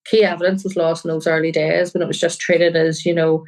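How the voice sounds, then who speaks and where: A woman's voice: low-pitched, little pitch movement, brisk, darkish tone, poor audio. A woman journalist, a guest on a crime podcast, talking earnestly and often quoting people she met. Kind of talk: podcast interview.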